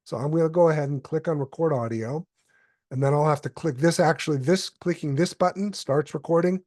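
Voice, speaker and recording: A man's voice: a little high, brisk, no room sound. Man giving a dry, close tutorial. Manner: explanatory, steady, with occasional fillers. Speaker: presenter. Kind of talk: software tutorial walkthrough.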